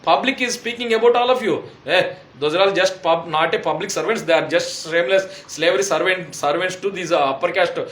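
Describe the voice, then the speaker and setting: A man's voice: high-pitched, fairly quick, few pauses, a bit bright, echoey room. A man from India with an Indian English accent, giving an urgent, pleading personal testimonial that circles back and repeats itself. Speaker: testimonial speaker.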